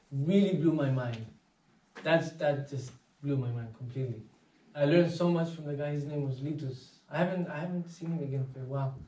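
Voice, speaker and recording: A man giving an inspirational talk, telling anecdotes in a casual, animated way and acting out the voices of people in his stories. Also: a little high. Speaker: speaker. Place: meditation centre hall. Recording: echoey hall, voice from far off.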